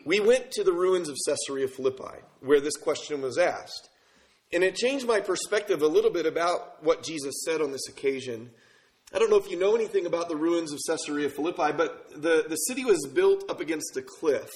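A man's voice: a little high, expressive, fairly quick. A man from Minnesota preaching a sermon as pastor, telling stories conversationally and asking the congregation rhetorical questions. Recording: echoey room.

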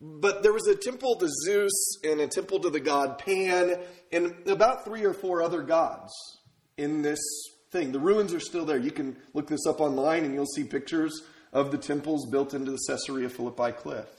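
A man's voice: fairly high pitch, normal speed, darkish tone. A man from Minnesota preaching a sermon as pastor, telling stories conversationally and asking the congregation rhetorical questions. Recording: echoey room.

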